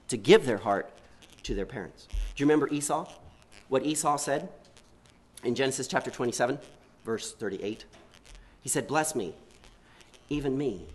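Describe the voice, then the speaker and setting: A man preaching a sermon in an earnest way, often asking his listeners rhetorical questions. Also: medium pitch.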